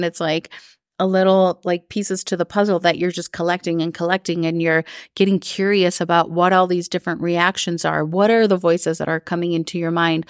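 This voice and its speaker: A woman coaching her listeners in a casual, chatty talk, full of "like" and quick voices put on for other people. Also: fairly low pitch, steady tone, no room sound, clean studio sound. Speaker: coach and podcast host. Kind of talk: casual live-recorded talk.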